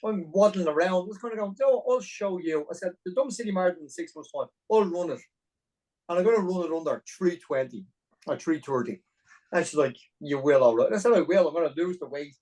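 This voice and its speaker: A man in his forties from Dublin with an Irish accent, a podcast guest telling his story in a lively, self-deprecating way with many restarts. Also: high voice, fast, far from the mic, low-quality recording. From Ireland. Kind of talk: conversational storytelling.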